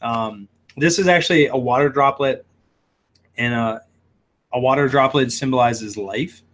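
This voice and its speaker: A man's voice: mid-range voice, measured pace, a bit bright. A man who runs a shrimp shop, hosting a casual livestream with lots of fillers as he reads viewer comments aloud. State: hiccuping.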